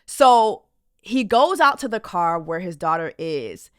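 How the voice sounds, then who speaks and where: A woman's voice: mid-range voice, animated, normal speed, no echo, clean studio sound. A woman podcast host giving blunt, indignant reaction commentary on a reality show clip in a casual, conversational way.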